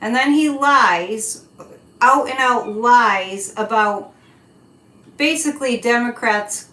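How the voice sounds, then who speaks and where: Reading out viewer comments on her psychic livestream, a woman from the United States sounds indignant and emphatic. Her fairly high, sharp voice is slow and deliberate, and the room echoes.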